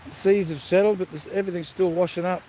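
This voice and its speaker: A man's voice: sits high, steady tone, fast, dark tone, slight background noise. A man hosting a casual livestream outdoors by the sea, chatting and greeting viewers by name. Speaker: livestream host. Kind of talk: casual chat with live viewers.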